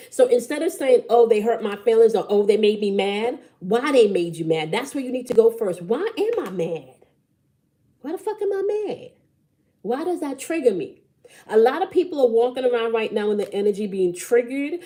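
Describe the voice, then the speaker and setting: A woman's voice: mid-range voice, dark tone. A woman giving a live-stream tarot reading, blunt and preachy, swearing freely and asking "okay?" again and again. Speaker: tarot reader.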